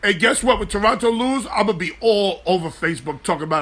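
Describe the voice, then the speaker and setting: A man hosting a live sports talk show, animated, joking loosely and swearing freely. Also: sits high, fast. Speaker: host.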